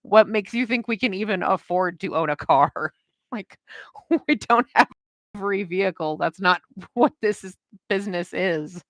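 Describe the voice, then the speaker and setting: A woman's voice: mid-range voice, normal speed, fairly bright tone, dry recording. A woman comic artist chatting casually while she draws on a livestream, rambling through a story with lots of filler words and frequent laughter. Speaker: comic artist streaming her work.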